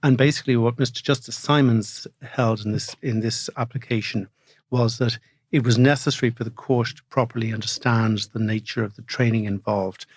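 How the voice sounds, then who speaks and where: A man's voice: mid-range voice, steady tone, a little fast, husky, no room sound. Guy co-hosting a law podcast, stumbles and restarts a lot, dry close sound. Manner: hesitant, with frequent restarts and stammers. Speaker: podcast co-host, barrister. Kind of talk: casual legal podcast chat. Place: studio.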